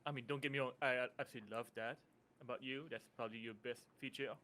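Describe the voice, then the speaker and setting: Fast talking guy at the table, bright sharp voice, teasing. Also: mid-range voice, fairly even intonation. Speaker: player. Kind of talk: in-character tabletop play.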